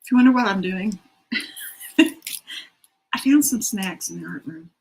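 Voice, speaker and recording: A middle-aged woman with a somewhat husky voice hosts a writing sprint from her home. Her talk is casual and rambling, with self-deprecating asides. She speaks in a middle pitch, like someone chatting with viewers. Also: animated, takes it slowly, rough recording. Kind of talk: casual livestream chat, reading out comments. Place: home room.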